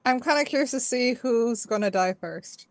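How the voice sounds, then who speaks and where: A woman's voice: on the high side, moderate pace, no room sound. A woman playing in a tabletop game, chatting casually in a wry, laid-back way. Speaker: player. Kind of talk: casual chat on a stream.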